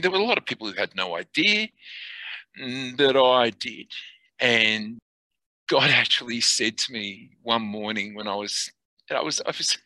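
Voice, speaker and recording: Man, middle-aged, earnest testimony, halting, bright tone. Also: medium pitch, no echo, rough recording. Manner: earnest, halting, drops to near whispers. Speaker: testimony speaker. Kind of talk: personal spiritual testimony.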